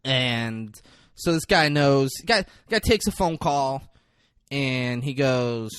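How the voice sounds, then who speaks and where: A man co-hosting a podcast in casual chat, retelling a film scene with lots of swearing and quick acted-out lines. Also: medium pitch, smooth, no room sound. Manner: animated, profane, acts out film lines in quick voices. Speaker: podcast co-host.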